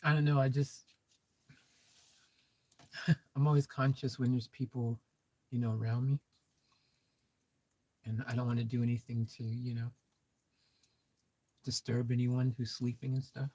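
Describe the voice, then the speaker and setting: A man's voice: mid-range voice, little pitch movement, measured pace, long pauses, mellow, no room sound. A man chatting casually to camera from inside his parked van at night, rambling loosely. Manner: rambling, loose, peppered with filler phrases. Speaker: van life vlogger. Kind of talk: casual vlog chat to camera.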